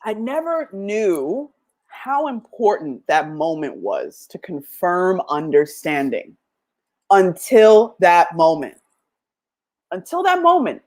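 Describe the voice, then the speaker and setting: A middle-aged woman hosting a podcast, giving a motivational talk with animated storytelling, acting out past dialogues and laughing often. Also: fairly low pitch, takes it slowly. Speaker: podcast host.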